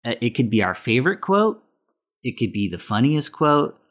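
A man's voice: mid-range voice, sing-song, moderate pace, a bit bright. A man co-hosting a casual movie podcast, explaining things loosely with fillers. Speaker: podcast co-host.

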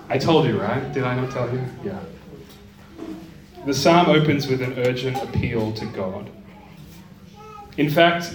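A man gives a conversational teaching talk on a psalm, often checking in with his listeners. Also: medium pitch. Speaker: lecturer on the Psalms. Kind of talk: teaching talk with scripture reading. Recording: echoey room, mic at a distance.

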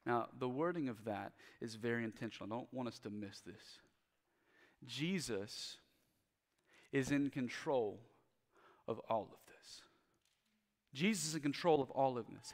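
A man's voice: animated, measured pace, long pauses. Man preaching in an echoing hall. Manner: swings from loud urgent emphasis to quiet, low passages. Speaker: pastor. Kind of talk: sermon.

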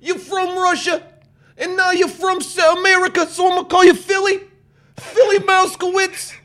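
A man voicing a brash, street-smart young male mouse who talks loud and fast. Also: extremely high pitch, monotone, voice pushed up.

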